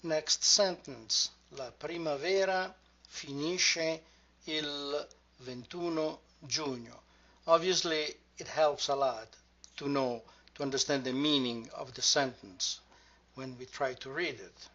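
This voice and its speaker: Guy teaching pronunciation real slow, keeps repeating words, slightly high voice, dull lo-fi sound. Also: pushed and bright. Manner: careful, repeats words slowly to model sounds. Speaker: language teacher. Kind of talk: slow, deliberate pronunciation lesson. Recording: dull lo-fi recording.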